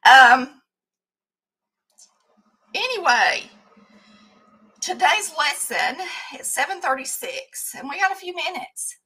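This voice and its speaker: A woman's voice: high-pitched, big pitch swings, slow, long pauses, bright, forceful tone. A middle-aged woman with a Southern accent, chatting casually and rambling to her viewers as host. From Southern United States. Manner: chatty, rambling, folksy with frequent fillers. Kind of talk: casual live chat to viewers.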